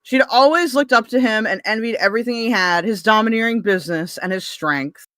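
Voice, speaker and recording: A woman's voice: a little high, a little fast, fairly bright tone, no room sound. A woman hosting a podcast, reading a novel aloud and mocking it in crude, exasperated casual chat. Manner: crude, exasperated, swears often.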